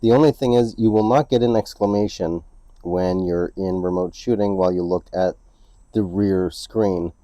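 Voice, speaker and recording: Here a man with a low-pitched, warm voice talks at normal speed while hosting a laid-back camera tutorial for his photography channel, indoors at home near a couch. He explains each step and keeps asking "right?" to check in with viewers. No echo.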